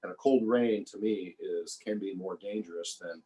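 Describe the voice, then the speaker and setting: Deep-voiced man, reflective and relaxed. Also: normal speed, low-quality recording. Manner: relaxed, reflective, repeats words while thinking. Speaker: podcast guest, former survival show contestant. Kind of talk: casual conversational interview.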